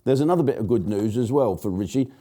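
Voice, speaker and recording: An older man rants bluntly through a jokey political monologue, mocking and laughing at his own quips. His voice sits dark and mellow at an ordinary pitch. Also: lively intonation, fast. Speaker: show host. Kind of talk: casual political comedy monologue.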